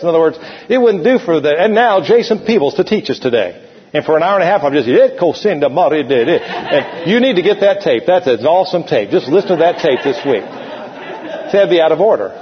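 Preacher in a reverberant church hall. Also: male voice, a little high, slightly rough, lo-fi sound. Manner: folksy, animated preaching with call-and-response. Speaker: pastor. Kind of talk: sermon. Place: church sanctuary.

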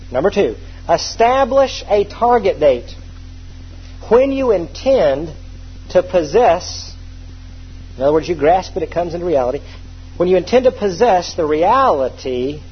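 A man's voice: sits high, big pitch swings, takes it slowly, long pauses, breathy edge. A man in his thirties preaching a sermon, emphatic and storytelling, repeating his key phrases for effect. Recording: dull lo-fi recording with faint hum.

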